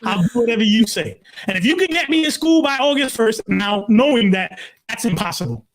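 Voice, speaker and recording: A man in his sixties from Brooklyn, a pastor telling his life story in an interview, emphatic and animated, leaning on "literally" and acting out his own quotes. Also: high voice, fairly quick. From Brooklyn, New York. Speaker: pastor, guest.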